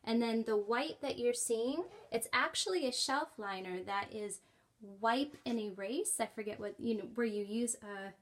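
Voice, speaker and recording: A woman's voice: a little high, normal speed. A young woman who teaches English online gives a cheerful, chatty tour of her small home classroom, talking into a headset. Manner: cheerful and chatty, bursts into squealing acted-out reactions. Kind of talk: casual classroom tour vlog.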